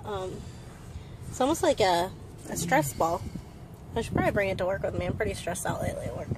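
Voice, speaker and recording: A woman's voice: mid-range voice, animated, a little fast. A woman chatting playfully and teasing her partner while vlogging from a car. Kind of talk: casual vlog chat. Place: car and store. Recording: noisy car and street recording.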